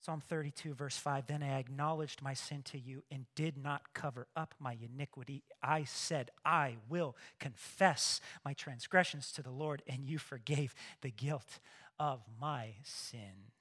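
A male pastor preaching a sermon, lively, swinging between hushed asides and loud emphatic bursts. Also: medium pitch, a little slow.

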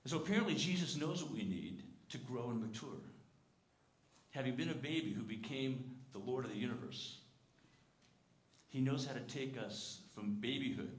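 A man's voice: mid-range voice, brisk. A male pastor preaching a sermon in a church, earnest and conversational, asking the congregation questions and sometimes stumbling over repeated words. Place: church sanctuary. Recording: echoey church sanctuary.

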